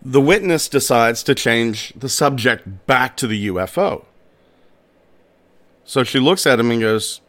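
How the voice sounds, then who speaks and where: Slow-talking male storyteller. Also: mid-range voice, expressive, a bit bright. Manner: unhurried, with personal asides. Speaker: podcast host. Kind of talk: casual storytelling narration.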